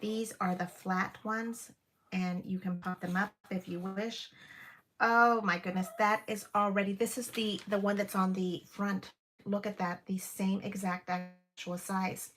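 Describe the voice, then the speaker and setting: A woman's voice: mid-range voice, level tone, measured pace, fairly bright tone. A woman in her fifties hosting a live crafting stream from home, gushing over each piece with lots of fillers. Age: 50s. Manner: gushing, exclaims often, many fillers. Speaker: crafting livestream host. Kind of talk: casual live craft chat.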